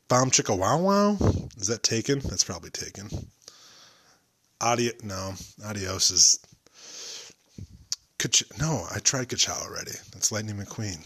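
A man's voice: on the low side, pushed and bright. A young man hosting a solo podcast, rambling and joking about himself. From United States. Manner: joking, rambling, self-deprecating. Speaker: podcast host.

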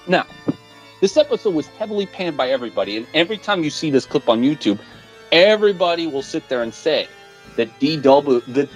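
A podcast co-host in casual chat, animatedly retelling a story and swearing bluntly along the way. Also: mid-range voice. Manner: animated storytelling, retelling a plot with mock voices.

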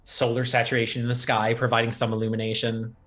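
A man running a tabletop role-playing game, describing the setting at an easy pace. His voice sits at a middle pitch and stays calm as he sets the scene. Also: fast. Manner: descriptive, easygoing. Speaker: game master.

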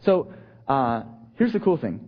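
Husky conversational male preacher. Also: mid-range voice, very animated, measured pace. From United States. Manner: conversational, repeats "okay?" and restarts, swings between soft and emphatic. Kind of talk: sermon. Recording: dull, lo-fi sound.

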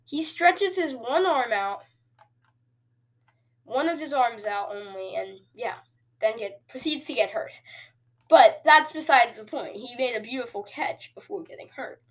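Excitable woman calling a football video game. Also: on the high side, measured pace. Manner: excitable and jokey, with sudden cheers and quiet asides. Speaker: host. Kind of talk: casual video game commentary.

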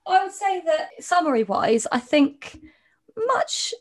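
A woman's voice: extremely high pitch, sing-song, measured pace. A woman co-hosting a podcast in casual chat, giggly and self-mocking, often repeating her words. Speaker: podcast co-host.

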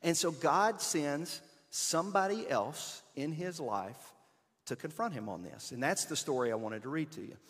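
A man preaching a conversational sermon, switching between emphatic bursts and hushed asides. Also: a little high, expressive, moderate pace, big-room sound. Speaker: pastor.

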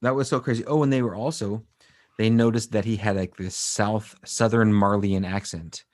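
A man with a lowish voice chats casually as a podcast co-host, retelling an anime episode. He rambles and restarts with plenty of fillers. The sound is dry and close, with no room in it. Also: fairly even intonation, moderate pace, a little mellow, no echo.

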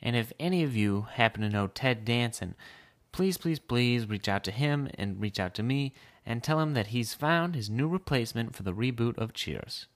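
A man hosting a podcast, telling a rambling comic story in a deadpan way. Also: mid-range voice, normal speed. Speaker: podcast host.

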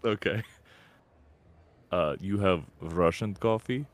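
Deep-voiced man, terse and brief. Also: takes it slowly, dry recording. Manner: terse, short replies. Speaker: guest player. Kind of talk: in-character tabletop play.

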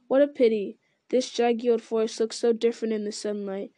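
A woman's voice: a little high, fairly even intonation, fairly quick, mellow, no room sound, lightly acted. A woman voicing a young male hobbit who speaks eagerly and politely asks questions. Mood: wistful.

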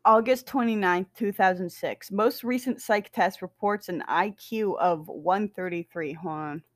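A woman casually reads an SCP document aloud, breaking off for joking, swearing asides and stumbling over dates. Her medium-pitched voice is unhurried, with no room sound.

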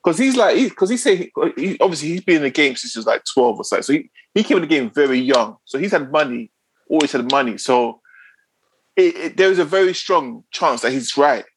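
A man's voice: on the high side, lively intonation, fairly quick, a little hiss or hum. A man in a casual chat, insistent and repeating his points.

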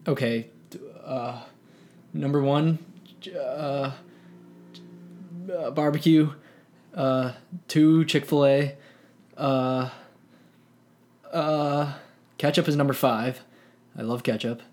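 A young man co-hosting a casual podcast chat, quick to act outraged in a joking way. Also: medium pitch, steady tone, darkish tone. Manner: playfully exasperated, quick to mock outrage. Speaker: podcast co-host.

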